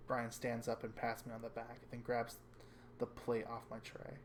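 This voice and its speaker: A man reading a visual novel aloud with calm first-person narration. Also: mid-range voice, normal speed, slight background noise. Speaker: reader.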